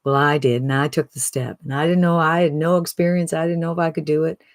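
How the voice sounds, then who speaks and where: Someone doing a plain-spoken Southern man, earnest, simple kind of guy, Alabama drawl, even pitch. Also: quick pace, no echo, clean studio sound, lightly acted.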